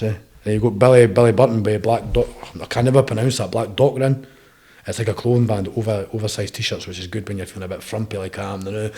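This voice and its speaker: A young man with a Scottish accent speaks rapidly in a relaxed podcast chat. His voice sits on the low side as he rattles through long, rambling stories and keeps checking in with a quick "eh?". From Scotland. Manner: rapid, rambling storytelling with frequent "eh?" tags. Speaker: podcast guest, bare knuckle boxer. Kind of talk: casual interview chat.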